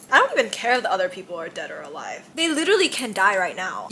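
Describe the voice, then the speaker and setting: A woman's voice: medium pitch, big pitch swings, fast talker, hardly any pauses, sharp tone, slight background noise. A woman book vlogger chatting casually and emotionally about a novel she is reading. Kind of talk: casual reading-vlog chat.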